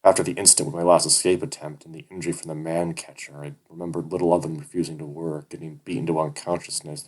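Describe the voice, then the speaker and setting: A man narrating a first-person fantasy novel in a measured, introspective way. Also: rumbling low, low-quality recording. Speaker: audiobook narrator.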